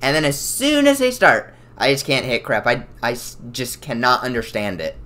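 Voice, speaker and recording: A gaming YouTuber giving live gameplay commentary, excitable and yelling at the game with mild cussing, then winding down calmly to talk to viewers. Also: moderate pace. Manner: calm, low-key wrap-up when talking to viewers.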